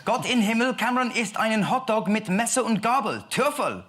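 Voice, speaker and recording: A man putting on an exaggerated, over-the-top German newsreader voice, shouted for laughs on a comedy panel show. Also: high-pitched, lively intonation, brisk, voice pushed up. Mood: mock outrage.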